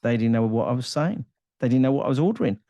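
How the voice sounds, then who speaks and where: Male podcast host, mid-pitched, relaxed storyteller, dry close sound. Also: fast, dry recording. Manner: anecdotal, chatty storyteller. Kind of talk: casual interview conversation.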